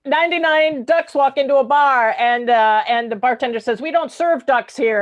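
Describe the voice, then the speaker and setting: A woman improv performer telling a bar joke over a video call, giggly and lively. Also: high voice, moderate pace, few pauses.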